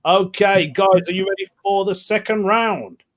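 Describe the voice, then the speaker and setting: A man hosting an online pun contest in a relaxed, casual way over a video call. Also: high-pitched, moderate pace.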